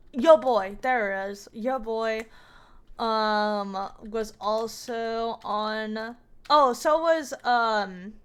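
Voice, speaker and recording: Slow-talking young woman streamer, rambling. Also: a little high, smooth. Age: young adult. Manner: rambling, searching for names, many fillers. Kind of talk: casual storytelling while gaming.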